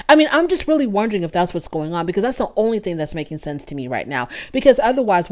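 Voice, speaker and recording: A woman hosting a casual reality TV recap, opinionated and animated, thinking aloud with restarts. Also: lowish voice. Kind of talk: casual commentary.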